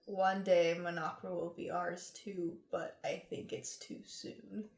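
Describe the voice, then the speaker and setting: A woman's voice: on the low side, little pitch movement, slow pace, creaky, a little mellow. A woman playing a tabletop game, dry and terse in her replies. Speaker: player. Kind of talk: casual tabletop play. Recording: roomy echo.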